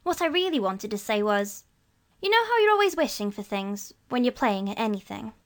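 A woman's voice: fairly high pitch, very animated, moderate pace. A woman reading aloud and voicing a crafty, impatient young boy in a storybook. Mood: eager. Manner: eager and impatient.

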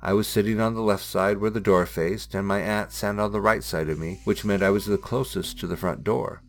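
A man narrating listener-submitted ghost stories in a measured, suspenseful reading style. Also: lowish voice, steady tone, soft background music. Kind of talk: scripted storytelling narration.

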